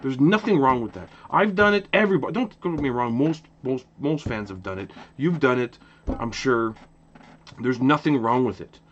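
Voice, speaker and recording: A man's voice: medium pitch, normal speed, dull audio. A man from Ottawa, Canada, hosting a casual opinion rant to camera, passionate, with lots of repeated restarts. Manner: passionate, repetitive restarts, animated. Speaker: hockey channel host.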